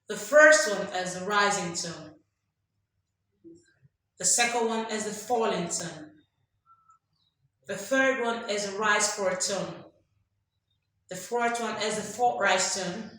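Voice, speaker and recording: Bright-voiced woman teaching in an echoey room. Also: mid-range voice. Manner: emphatic, drills examples aloud and quizzes listeners. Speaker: English teacher. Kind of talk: classroom lesson. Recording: strong echo, faint background noise.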